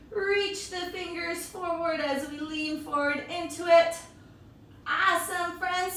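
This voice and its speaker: A woman leads a children's yoga class in a playful, sing-song voice that is high and bright. She sounds full of encouragement. She is heard from some way off in a very echoey room. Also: recorded from a distance, slight background noise. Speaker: kids yoga teacher.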